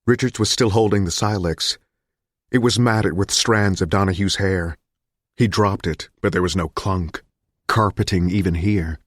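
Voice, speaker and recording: A man reading a thriller audiobook in a measured, grim narration. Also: deep voice, dry recording, clean studio sound.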